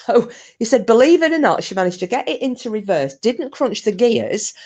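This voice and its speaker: A woman who hosts a channel casually tells a ghost story, chatty and rambling, swearing and restarting her sentences. Her voice is mid-range with a darkish tone.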